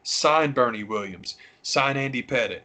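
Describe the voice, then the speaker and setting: Man, podcast co-host, bright forceful voice, casual rambling chat, animated. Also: unhurried. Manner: animated, swears freely, mimics others in high squawky voices.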